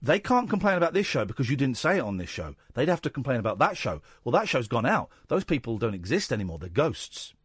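A man hosting a radio phone-in in the studio, talking in an animated, emotional way. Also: quick pace, hardly any pauses, husky, dry recording. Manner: animated, warm and emotional, swings in pitch. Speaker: radio host. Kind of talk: late-night radio phone-in. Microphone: studio microphone.

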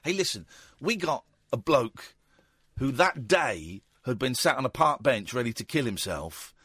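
A man's voice: mid-range voice, sing-song, unhurried, fairly bright tone, slightly rough, no room sound, clean studio sound. An English man hosting a late-night call-in radio show, joking and teasing his callers. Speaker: radio host. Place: radio studio.

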